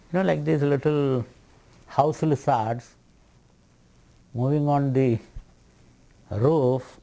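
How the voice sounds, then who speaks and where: A man's voice: medium pitch, gravelly, warm tone. A man teaching scripture at a retreat. He speaks playfully, laughs often and argues a doubter's objections aloud. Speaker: spiritual teacher.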